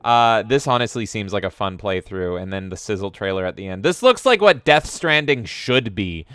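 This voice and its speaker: A man co-hosting a podcast chats casually on a live stream, animated, jokey, and quick to swear. His smooth, resonant voice sits at a middle pitch, recorded close and dry with no room sound.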